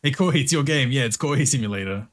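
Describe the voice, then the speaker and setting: A man's voice: medium pitch, lively intonation, quick pace. A man streaming a video game, chatting casually, swearing often, laughing and greeting viewers in chat. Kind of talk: casual commentary while playing.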